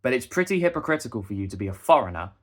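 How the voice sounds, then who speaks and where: A young English man, a busker and vlogger, launches into a heated, indignant rant straight to camera. His medium-pitched voice is very animated and rapid-fire.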